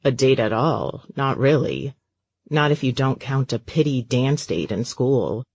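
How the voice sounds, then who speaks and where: A woman's voice: rumbling low, expressive, measured pace, a little mellow, husky, lo-fi sound, exaggerated voice. A woman voicing a reserved, shy young man who answers in short, guarded lines.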